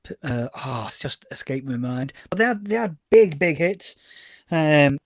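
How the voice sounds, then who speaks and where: Chatty Scouse man, higher-pitched voice. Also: unhurried, no room sound. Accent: Liverpool Scouse. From Liverpool, England. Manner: rambling and self-correcting, often repeats words; lively storyteller who acts out quoted exchanges. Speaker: DJ and label owner, podcast guest. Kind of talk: casual interview chat.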